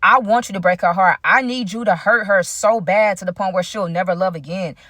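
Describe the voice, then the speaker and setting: A woman's voice: mid-range voice, fairly quick, fairly bright tone, no echo, studio quality, close to an everyday voice. Angry jealous young woman, accusing tone, woman quoting her in a storytime. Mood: upset. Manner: heated, accusing.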